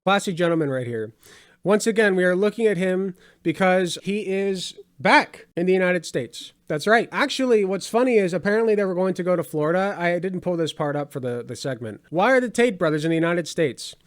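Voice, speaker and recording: A man's voice: high-pitched, expressive, fairly quick. A man hosting a political commentary show, talking in a sarcastic, conversational way with dry asides.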